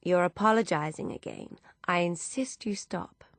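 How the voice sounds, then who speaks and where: A woman voicing a very old former housemaid, calm and wise, speaking in a measured, quietly reassuring way. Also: on the low side, no echo, lightly acted. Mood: kind. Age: over 60.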